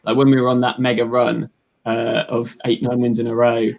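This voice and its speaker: A man's voice: mid-range voice, completely flat delivery, normal speed, creaky, darkish tone, muffled recording. A young man in casual chat about football stats, rambling a little and laughing at himself. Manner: rambling, self-deprecating, frequent restarts. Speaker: guest, runs a football stats account.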